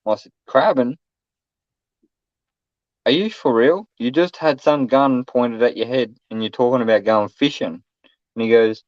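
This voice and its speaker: A man's voice: medium pitch, unhurried, pauses often, no room sound. Australian guy, middle-aged, blunt yarn-spinner who swears a lot; muffled dry recording. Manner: blunt, swearing, acts out quotes loudly. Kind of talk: casual chat, storytelling. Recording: dull, dry lo-fi sound.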